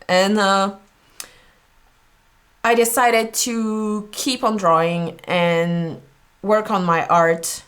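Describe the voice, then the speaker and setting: A young woman artist reacting to an old video of herself, talking slowly with many pauses and laughs, moved and at a loss for words. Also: medium pitch, fairly even intonation, fairly bright tone. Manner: slow, halting, laughs often, moved and speechless. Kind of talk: emotional reaction vlog.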